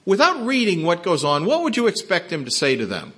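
A man's voice: sits high, huge pitch swings, brisk, a bit bright, husky. A man preaching a sermon, explaining a Bible passage with emphatic rhetorical questions. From not from Texas. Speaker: pastor.

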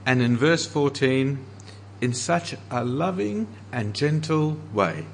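An earnest man preaching a sermon as pastor, slowing down to stress the scripture he quotes. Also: mid-range voice, lively intonation, vocal fry, a little hiss or hum.

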